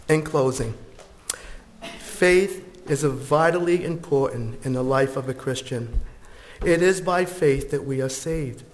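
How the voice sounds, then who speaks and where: A man preaching a sermon, telling a story and closing in prayer in an earnest, unhurried manner. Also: on the high side. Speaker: pastor.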